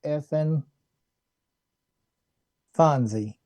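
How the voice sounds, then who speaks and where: Slow, mellow-voiced male talk-show host. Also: on the high side, no room sound. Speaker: podcast co-host. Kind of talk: casual wrestling talk show.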